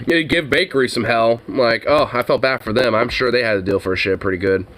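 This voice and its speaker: A man's voice: mid-range voice, normal speed, fairly bright tone. A young man telling a story casually, rambling and swearing constantly. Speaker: streamer.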